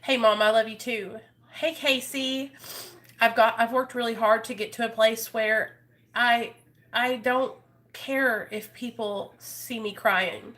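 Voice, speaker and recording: Bright-voiced, emotional woman vlogger. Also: a little high, steady tone, slow. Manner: openly emotional, earnest; rambling, restarts often. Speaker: YouTuber. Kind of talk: heartfelt live chat with viewers.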